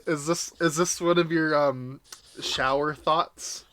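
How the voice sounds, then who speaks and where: Sex: male. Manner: giggly, slow-talking streamer. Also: on the high side, fairly even intonation, fairly bright tone. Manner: giggly, laughs often. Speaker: game streamer. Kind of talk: casual chat while livestreaming.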